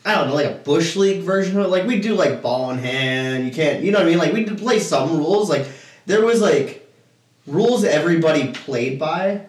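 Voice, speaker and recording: A man on a podcast, swearing constantly while he retells a bar argument in a loud, animated way. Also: on the high side, a little fast, recorded from a distance. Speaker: podcast co-host. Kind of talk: casual chat, storytelling. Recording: roomy, off-mic sound.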